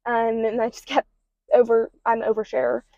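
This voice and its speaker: A woman's voice: fairly high pitch, little pitch movement, moderate pace, creaky, dark tone, no room sound. A young adult woman hosting a podcast, speaking candidly about her own life in rambling, casual talk full of ums and likes. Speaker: podcast host. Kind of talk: personal confessional podcast talk. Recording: slightly dull lo-fi recording.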